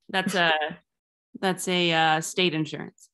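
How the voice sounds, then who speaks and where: A woman in her thirties doing a rambling, deadpan stand-up set over Zoom. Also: lowish voice, normal speed. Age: 30s. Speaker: stand-up comedian.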